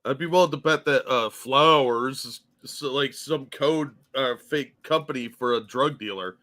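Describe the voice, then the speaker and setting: A man's voice: medium pitch, measured pace, sharp tone. A man co-hosting a casual political talk stream, blunt and profane as he rants.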